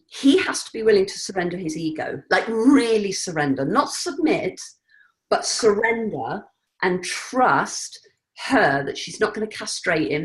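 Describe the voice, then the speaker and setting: A woman speaking as an interview guest, earnest and reflective, at times animated and laughing. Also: mid-range voice. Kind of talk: conversational interview.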